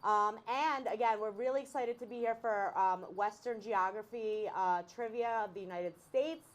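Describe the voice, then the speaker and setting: A woman's voice: medium pitch, normal speed. A woman co-hosting a trivia game in a chatty, casual way with frequent fillers. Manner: chatty, laughing, with many fillers. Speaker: trivia co-host.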